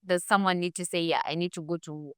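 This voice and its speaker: A woman's voice: on the low side, steady tone, fast talker, smooth, dry recording, studio quality. A woman hosting an interview, prompting her guest with follow-up questions and frequent affirmations. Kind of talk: conversational interview.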